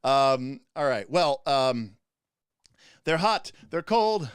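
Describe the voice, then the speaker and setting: A man's voice: medium pitch, lively intonation, slow, clean tone, no echo, studio quality. Laughing man running a tabletop game. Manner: laughing often, loose and rambling. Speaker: game master.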